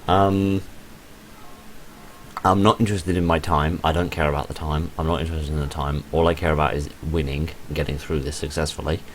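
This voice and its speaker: A man with an extremely low, deep voice talks over his gameplay in loose, rambling commentary. He is tired and half asleep, drifting into self-mocking asides, and a faint hum of room noise sits behind him. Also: little pitch movement, a little fast. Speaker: gaming video host.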